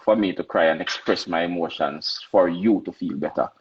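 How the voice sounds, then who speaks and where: A man's voice: low voice, normal speed, highs cut off, slight background noise. A man with a Jamaican accent in casual podcast debate, emphatic and repetitive, lecturing his co-hosts. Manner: emphatic, repeats himself, lectures. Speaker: podcast co-host.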